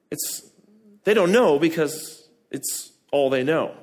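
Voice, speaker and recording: A man preaching a sermon, emphatic and prone to repeating words and restarting, who climbs high and loud on key phrases. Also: expressive, moderate pace.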